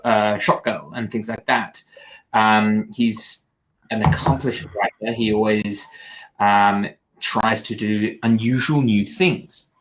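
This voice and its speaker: A man co-hosting a podcast, reviewing a show in casual chat, rambling with many pauses and restarts. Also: lowish voice, fairly bright tone. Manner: mimics characters in quoted lines. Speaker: podcast co-host.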